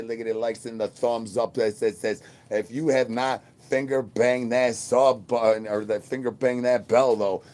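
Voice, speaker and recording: A man rambles through a live phone stream in a mid-pitched voice, reeling off crude slang and sing-song rhyming catchphrases. He jumps from loud shouts down to low mutters without warning. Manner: swings between loud bursts and mutters. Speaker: livestream host.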